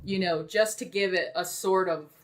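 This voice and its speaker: A woman's voice: fairly low pitch, fairly even intonation. A woman guest on a podcast, a dungeon master, talking casually and thoughtfully with lots of fillers. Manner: unhurried, thoughtful, many fillers.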